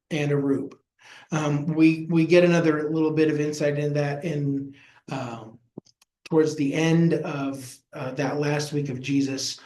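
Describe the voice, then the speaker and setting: A man's voice: a little high, darkish tone. A middle-aged male pastor teaching a Bible study in a folksy way, often acting out the voices in the story. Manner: folksy, acts out quoted voices. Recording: echoey room.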